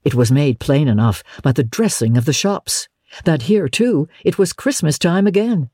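An audiobook narrator giving a measured, expressive storybook reading in a dry studio booth. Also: medium pitch, slightly rough, no echo.

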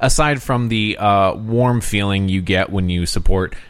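Low-voiced rambling man hosting a film show. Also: unhurried, smooth, no room sound. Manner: rambling, earnest and enthusiastic. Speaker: podcast host. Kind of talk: casual radio-podcast chat.

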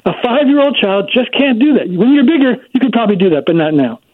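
A man's voice: very high voice, animated, quick pace, no echo. Emphatic man on a phone line. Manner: emphatic, explanatory. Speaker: child psychology expert guest. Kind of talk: explaining in an interview. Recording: dry tinny phone line.

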